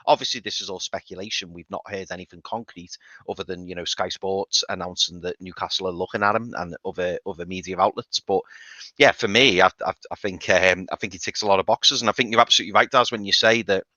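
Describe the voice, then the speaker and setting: Bloke, fan panelist, bright and sharp voice, repeats himself, dull dry remote line. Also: male voice, low-pitched, fairly even intonation, brisk, no room sound. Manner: rambling, repeats words, many fillers. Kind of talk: casual football chat.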